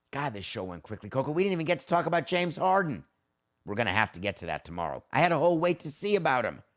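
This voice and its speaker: A middle-aged man hosting a sports podcast, talking in a blunt, wry, conversational way. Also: medium pitch. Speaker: podcast host. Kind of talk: casual sports talk monologue.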